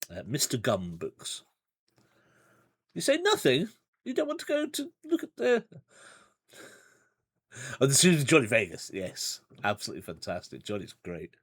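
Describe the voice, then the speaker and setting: On a livestream, a man works through a gamebook in a chatty, rambling way, full of side remarks and chuckles. His voice is medium in pitch with a fairly bright tone.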